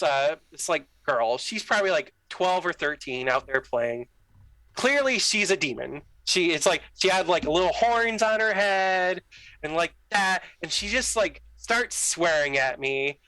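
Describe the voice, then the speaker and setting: A young man telling a story in casual chat, animated, acting out the dialogue with lots of "like" fillers. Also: sits high, measured pace, dry recording, low-quality recording. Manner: animated, acts out quoted dialogue, many "like" fillers. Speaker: podcast guest telling a story.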